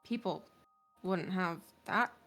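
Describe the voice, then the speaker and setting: A woman's voice: on the low side, slow, fairly bright tone, faint music behind. A woman player in a tabletop game, chatting in a giggly, playful way. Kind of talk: casual chat.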